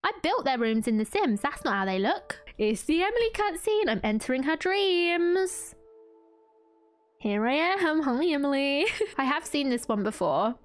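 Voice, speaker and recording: A woman streamer giving casual let's-play commentary, excitable and gushing as she gasps and laughs her way through the game. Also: sits high, a little slow. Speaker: gaming streamer.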